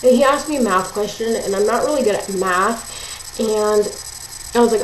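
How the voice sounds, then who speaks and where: A woman's voice: medium pitch, normal speed. Teen girl venting about her day, chatty and fed up, lots of likes, roomy echo, faint hiss. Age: teens. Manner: chatty and exasperated, full of "like" and "um". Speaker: vlogger. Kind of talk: ranting storytime vlog.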